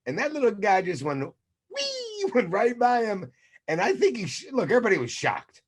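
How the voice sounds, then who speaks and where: A man co-hosting a sports podcast, telling game moments in an animated way and acting out reactions. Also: high voice, brisk, husky. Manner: animated storyteller who acts out reactions. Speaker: podcast co-host. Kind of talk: casual sports chat.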